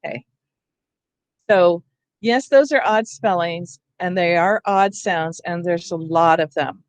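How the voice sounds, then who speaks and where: A woman's voice: fairly low pitch, takes it slowly, no echo. Woman giving a teacher training talk. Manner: explanatory, conversational, checks in with "right?". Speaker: literacy trainer.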